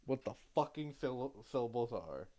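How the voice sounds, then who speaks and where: A man's voice: mid-range voice, animated, normal speed, over a noisy crowd. A man narrating as game master in a casual, swearing, laughing style.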